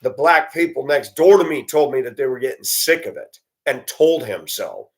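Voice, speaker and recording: A man's voice: medium pitch, lively intonation, normal speed. Indignant male vlogger, profane ranting monologue at a computer. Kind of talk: angry monologue to camera.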